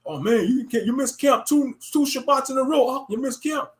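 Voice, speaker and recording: A man putting on the voice of a nagging male street-camp preacher who whines and shouts accusations. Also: very high voice, a little fast, voice pushed up. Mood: pleading. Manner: whiny, repetitive, shouting accusations.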